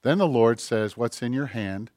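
A man preaching a sermon, acting out voices and swinging between loud emphatic lines and hushed asides. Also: mid-range voice, lively intonation, moderate pace, no echo, studio quality. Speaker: pastor.

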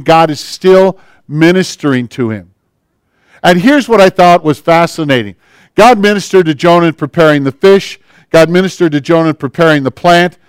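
A man's voice: fairly high pitch, smooth, no echo, clean studio sound. A male pastor preaching a conversational sermon, asking the congregation questions and acting out the prayers people pray.

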